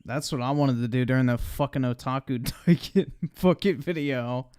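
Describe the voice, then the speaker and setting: A man's voice: mid-range voice, moderate pace, noisy background. A young man giving blunt, profane live-stream commentary while he watches videos.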